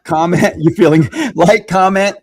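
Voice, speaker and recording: A man from Louisiana, a social media expert guest, explaining strategy in an animated, self-deprecating way and laughing readily. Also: high-pitched, a little slow, dry recording, studio quality. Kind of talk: conversational teaching.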